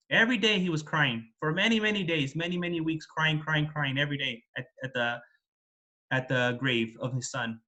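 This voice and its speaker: A Buddhist monk tells a teaching story to his community, keeping the words simple and repeating phrases, often checking in with "right?". His voice is bright and forceful, and sits a little high for a man. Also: moderate pace. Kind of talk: dharma talk storytelling.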